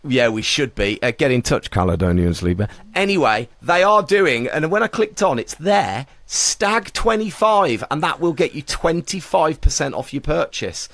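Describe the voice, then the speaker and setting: Male co-host, keen quizmaster energy, animated pitch, dry sound. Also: moderate pace, hardly any pauses, no room sound. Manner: enthusiastic, quizzing. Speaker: podcast co-host. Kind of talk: casual chat. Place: podcast cabin.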